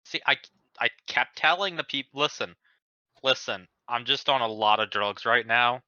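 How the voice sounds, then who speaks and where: A man playing a tabletop game, cracking jokes in a deadpan way. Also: mid-range voice, normal speed, no room sound, highs cut off. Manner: deadpan joking. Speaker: player.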